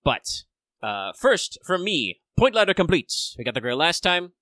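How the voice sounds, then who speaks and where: A man's voice: a little high, very animated, moderate pace, sharp tone, dry recording. A man hosting a casual podcast chat, rambling with lots of fillers, a bit under the weather. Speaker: podcast host.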